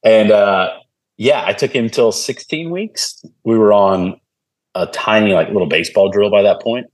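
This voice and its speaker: On the low side in pitch and at a moderate pace, a man appears as a podcast guest telling stories in relaxed talk. He acts out quoted voices with plenty of animation.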